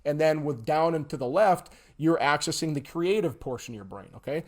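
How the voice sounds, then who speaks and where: A man giving an emphatic livestream lesson, acting out little scenes as he goes. His voice sits somewhat high for a man. He keeps checking in with "okay?" and "all right?". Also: fairly quick. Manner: animated, acts out examples. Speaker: instructor.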